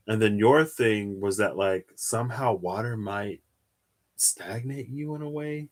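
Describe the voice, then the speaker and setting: A man's voice: lowish voice, unhurried, a bit bright. Tired man musing over tarot. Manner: musing, chatty, drifts into laughs and sighs. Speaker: tarot reader. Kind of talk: casual solo tarot livestream.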